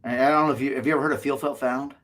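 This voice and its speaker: A man co-hosting a casual podcast chat, animated and fond of acting out little quoted exchanges. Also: mid-range voice, rapid-fire. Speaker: co-host.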